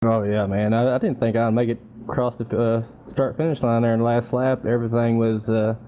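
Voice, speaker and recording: A man, a driver, giving a casual post-race interview, halting with many fillers. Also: mid-range voice, level tone, dull audio.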